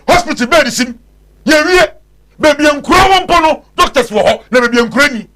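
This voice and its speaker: A Ghanaian man on a talk show, ranting and agitated, switching between Twi and English. His voice sits very high and leaps up and down in pitch. The tone is bright and forceful. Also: expressive, fairly quick. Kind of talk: heated studio talk show rant.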